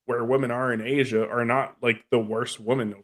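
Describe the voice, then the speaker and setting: A man from New Jersey spins loose, rambling stories across the table in casual podcast talk. He sits at an everyday middle pitch. He keeps the chat easygoing as he winds through his anecdotes. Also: flat delivery, moderate pace, a bit bright. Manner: rambling storyteller, acts out the people he quotes.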